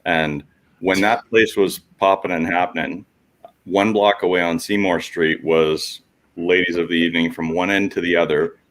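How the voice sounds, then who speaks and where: A man in a casual chat, telling a relaxed anecdote. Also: deep voice, normal speed.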